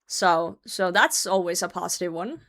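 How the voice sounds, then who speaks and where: A woman's voice: lowish voice, moderate pace, fairly bright tone. A woman hosting a livestream, chatting casually with viewers while she plays. She rambles, rants freely and swears offhand. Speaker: livestream host.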